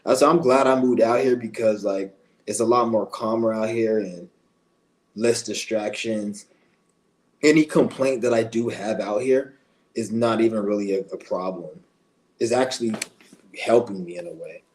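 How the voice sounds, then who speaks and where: A man's voice: on the low side, normal speed. A man talking to camera in a blunt, heated rant full of profanity. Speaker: vlogger.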